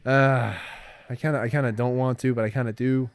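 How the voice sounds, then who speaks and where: A man's voice: mid-range voice, fairly even intonation, a little fast, smooth, no echo. A young man rambling through his made-up stories in a casual livestream chat, hesitant and full of fillers and restarts.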